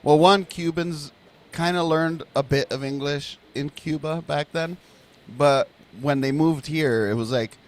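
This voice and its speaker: A man from Miami with a slight Hispanic Miami accent, chatting in a relaxed way. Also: a little high, unhurried. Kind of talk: casual chat.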